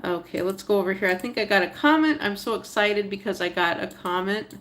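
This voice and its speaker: A woman's voice: mid-range voice, fairly quick, fairly bright tone. A woman livestreaming a crochet tutorial, thinking aloud step by step, chatting with viewers and talking to her stitches. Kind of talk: casual live tutorial narration.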